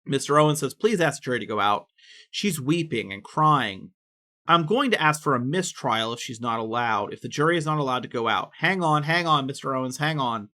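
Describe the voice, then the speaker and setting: A man reading court records aloud with casual commentary, quick and offhand, dropping in personal asides. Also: mid-range voice, animated, sharp tone.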